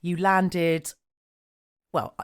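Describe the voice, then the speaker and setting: A woman's voice: on the low side, flat delivery, very slow, clean tone. A middle-aged woman from England hosting a podcast, gushing about her guest and interrupting often. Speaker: podcast host. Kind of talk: casual chat.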